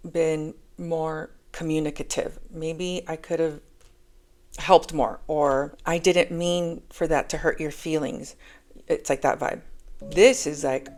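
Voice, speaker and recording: A woman's voice: fairly low pitch, a little mellow. A woman giving a casual tarot reading, talking chattily and calling her viewers angels. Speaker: tarot reader.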